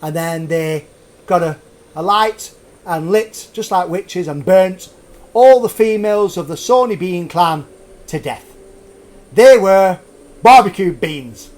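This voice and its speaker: A man with a high voice hosts a live show and tells a grim old story. He keeps cracking puns, laughs at his own jokes and wanders off on side remarks. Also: measured pace. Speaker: host.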